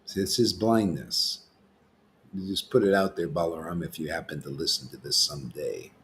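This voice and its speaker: A man's voice: a bass voice, normal speed, a bit bright, a little hiss or hum. A man hosting a casual spiritual discussion, rambling and often saying "see" and "you know.". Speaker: host.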